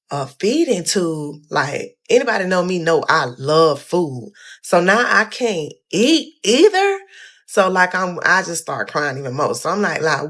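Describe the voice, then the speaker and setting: A young woman telling her own story casually, animated and talking straight to her viewers. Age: young adult. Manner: animated, addresses viewers as y'all, quotes people in a higher voice.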